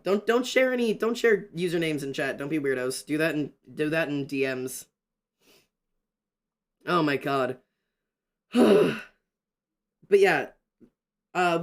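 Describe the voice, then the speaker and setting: A young man chatting excitedly on a livestream while drawing, ranting and greeting his chat. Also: a little high.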